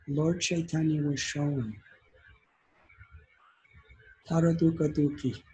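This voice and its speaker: A man's voice: on the high side, a little mellow, breathy edge, low-quality recording. A man giving a devotional sermon as a spiritual teacher, telling a story in an earnest, emotional way.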